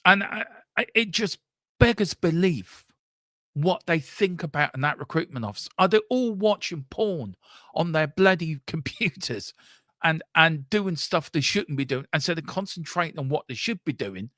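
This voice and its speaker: A man's voice: on the high side, animated, moderate pace, sharp tone, no echo, studio quality. A man, hosting a live fan stream and ranting angrily, swearing and repeating himself. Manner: angry, sweary, repetitive ranting. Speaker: fan channel host.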